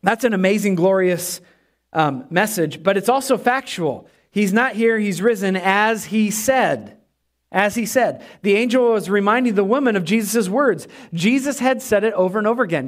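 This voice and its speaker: A male pastor preaches with an animated, emphatic delivery and hammers key phrases through repetition. His voice sits high for a man. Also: normal speed. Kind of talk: sermon.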